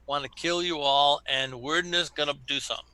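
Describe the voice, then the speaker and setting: A man's voice: a little high, fairly even intonation, a little fast, bright, forceful tone, clear, resonant tone. A man from Wisconsin serving as dungeon master, joking and laughing often as he runs a tabletop game.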